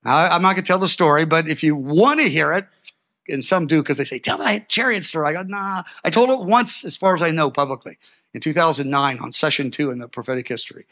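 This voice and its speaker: Older man, sermon, storytelling, slightly high voice, sudden loud bursts. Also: quick pace. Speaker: preacher.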